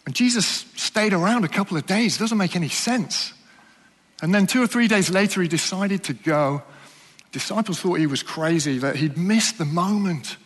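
A man preaching a sermon in a church, earnest and questioning, often dropping to soft, slow emphasis. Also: sits high, animated, breathy edge, long reverb tail.

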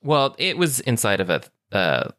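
A man's voice: mid-range voice, big pitch swings, normal speed, a bit bright, dry recording, studio quality. A man chatting casually on a video call, hesitant, with many fillers and restarts. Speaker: conversation partner. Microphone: webcam or computer mic on a video call.

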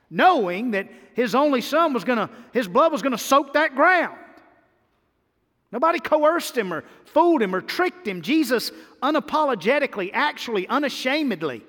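Male pastor, slow emphatic sermon delivery, recorded in a large church sanctuary. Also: very high voice, a bit bright, in a large hall. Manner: emphatic, deliberate preaching with dramatic pauses.

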